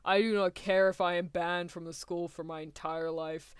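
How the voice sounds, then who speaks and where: A woman's voice: fairly low pitch, fairly even intonation, normal speed, smooth, dry recording, studio quality. A woman streamer giving rambling, chatty reaction commentary, often laughing mid-sentence.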